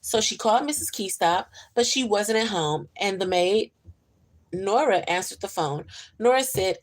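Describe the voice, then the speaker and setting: A woman's voice: medium pitch, expressive, moderate pace. Woman reading a children's story aloud.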